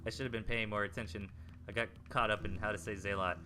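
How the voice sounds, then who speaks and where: A man's voice: on the low side, steady tone, fast, over music. A young man with a Southern US accent, casting game replays in a rambling, chatty live-stream commentary full of fillers. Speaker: game caster.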